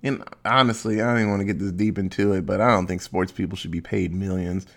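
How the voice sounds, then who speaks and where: A young man hosting a casual solo podcast, rambling and swearing, joking at his own expense and dropping into quick silly voices. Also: low voice, fairly even intonation, vocal fry. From Ohio, USA. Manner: rambling, profane, self-mocking, acts out quick silly voices. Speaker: podcast host.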